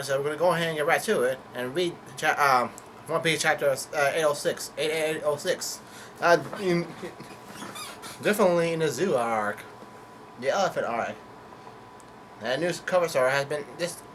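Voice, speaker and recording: A man's voice: on the high side, moderate pace, pauses often, a bit bright, a little hiss or hum. A man casually recapping a comic chapter, hesitant, with many fillers, self-corrections and casual swearing. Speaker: manga chapter reviewer.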